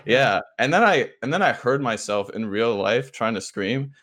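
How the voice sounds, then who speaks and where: A man's voice: mid-range voice, expressive, moderate pace, fairly bright tone, a little hiss or hum. A young man co-hosting a podcast, telling a dream story in casual chat, laughing often and using many fillers. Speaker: podcast co-host.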